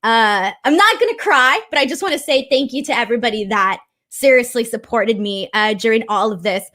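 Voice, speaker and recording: Chatty high-voiced woman streamer. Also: expressive, brisk, bright, forceful tone. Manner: chatty, lots of fillers, earnest and grateful. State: voice cracking with emotion. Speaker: wrestling show host. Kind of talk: casual live-stream commentary.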